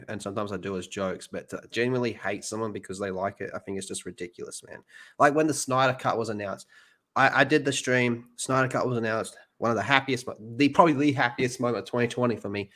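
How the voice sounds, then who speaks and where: A man's voice: mid-range voice, fast, fairly bright tone. A man hosting a casual podcast chat, blunt and laid-back, swearing freely. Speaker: podcast host and streamer.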